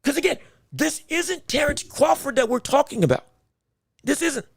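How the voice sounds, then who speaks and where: A man's voice: extremely high pitch, normal speed, creaky, no echo, studio quality. A man hosting a live podcast who talks casually and playfully, often stumbling and restarting his sentences. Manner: animated, stammering restarts, playful. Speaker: podcast host. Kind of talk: casual livestream commentary.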